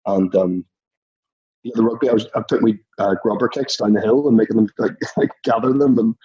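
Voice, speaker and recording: Guest: relaxed Northern Irish man in his thirties, raspy tone, tells stories with a laugh, muffled low-fi sound. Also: fairly quick. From Northern Ireland. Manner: chuckling anecdotal storyteller. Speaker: podcast guest. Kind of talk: casual chat.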